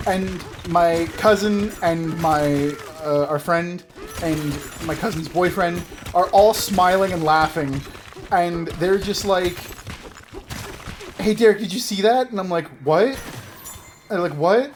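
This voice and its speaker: Speaking slowly in a voice that sits high, a Canadian gaming video host in his thirties rambles through a self-mocking story as he commentates a video game. A little hiss or hum is audible.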